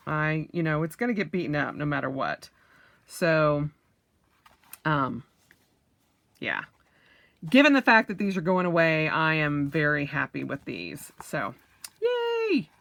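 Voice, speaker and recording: A woman's voice: sits low, lively intonation, unhurried, gravelly, long pauses, a bit bright, dry recording. A woman vlogger chatting casually and enthusiastically through an unboxing, with plenty of fillers.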